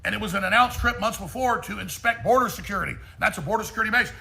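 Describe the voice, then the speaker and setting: A man with a high, gravelly, bright voice rants like a talk-show host. He mocks people in put-on voices and says the same thing over and over. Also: rapid-fire. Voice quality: gravelly, mocking. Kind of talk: ranting talk-show commentary.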